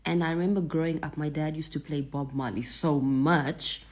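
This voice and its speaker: A woman from Africa sharing a personal memory in a casual, confiding way, sometimes dropping to a hushed half-whisper. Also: low-pitched, fairly even intonation, moderate pace.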